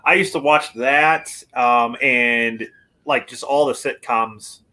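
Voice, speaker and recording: A man's voice: medium pitch, takes it slowly, sharp tone. A man co-hosting a casual movie podcast, laughing and acting out scenes as he talks. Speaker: podcast co-host.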